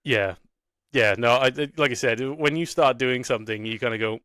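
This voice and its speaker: A man with a mid-pitched voice co-hosting a laid-back podcast. He chats easily, peppering his talk with fillers, and his voice sounds dry and close. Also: normal speed, fairly bright tone, smooth, no echo. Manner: chatty, many fillers like "yeah, no". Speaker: podcast co-host. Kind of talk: casual podcast chat.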